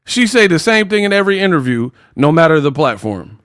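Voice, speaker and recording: A man hosting a boxing commentary vlog, talking in a slangy, animated and mocking way. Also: a little high, brisk, few pauses, no room sound, studio quality.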